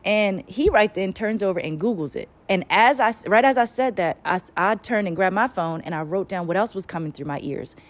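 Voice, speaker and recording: A woman's voice: medium pitch, brisk, hardly any pauses. Profane, rambling woman channeler. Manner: profane, rambling, animated storytelling. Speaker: spiritual channeler. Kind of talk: casual spiritual monologue.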